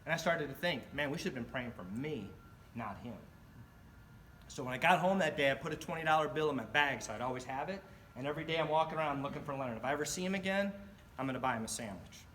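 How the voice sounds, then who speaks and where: Bright-voiced man telling a story. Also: mid-range voice, quick pace, slight background noise. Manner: animated, acts out quoted voices. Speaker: club speaker. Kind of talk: storytelling speech.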